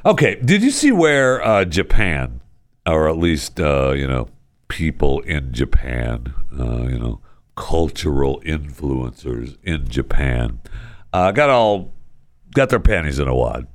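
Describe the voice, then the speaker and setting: A man's voice: a bass voice, very animated, slow pace. A man hosting a talk show, ranting sarcastically about the news, often tripping over his words and restarting. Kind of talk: casual talk-show commentary.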